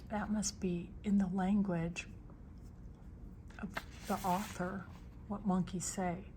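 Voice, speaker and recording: Older lady reading a kids' story real slow, asks the listener stuff, faint hum behind. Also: mid-range voice. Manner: slow and expressive, pausing to ask the listener questions. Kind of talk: reading a picture book aloud to children.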